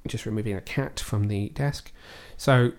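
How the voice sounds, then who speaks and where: Guy reviewing a movie on a home podcast, thinks out loud, restarts a lot. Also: fairly low pitch, unhurried. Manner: thoughtful, hesitant restarts while weighing opinions. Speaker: podcast host. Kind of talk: casual film review chat. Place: at home, cat on the desk.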